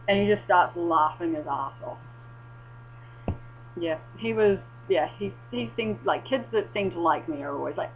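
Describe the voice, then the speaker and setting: A young woman vlogging in casual, rambling chat, swearing and breaking into excited exclamations. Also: fairly low pitch. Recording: dull lo-fi with faint mains hum.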